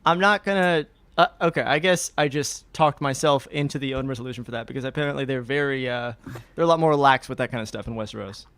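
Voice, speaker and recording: A man co-hosting a casual podcast chat, rambling and animated, acting out characters in quick asides. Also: medium pitch, clean tone, no echo. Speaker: podcast co-host.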